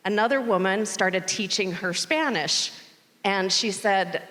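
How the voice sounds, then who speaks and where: A middle-aged woman giving a welcome speech at a conference, telling a story in a chatty, animated way. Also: mid-range voice, measured pace. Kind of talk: conference keynote remarks. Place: large conference venue stage. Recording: long reverb of a large conference hall.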